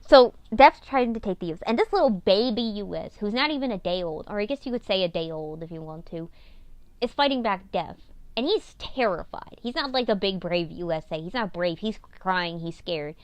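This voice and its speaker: A woman's voice: medium pitch, lively intonation, normal speed, clean tone, no room sound. Rambling, self-mocking woman telling a story. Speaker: storyteller recapping her old series. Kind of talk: casual storytelling.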